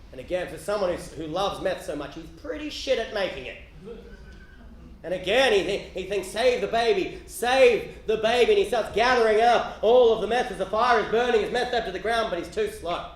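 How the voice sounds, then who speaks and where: High-voiced Australian man telling a story on stage. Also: reverberant. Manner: stammering restarts, swings between hushed and shouting. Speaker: storyteller comedian. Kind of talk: stand-up storytelling. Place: theatre stage with live audience.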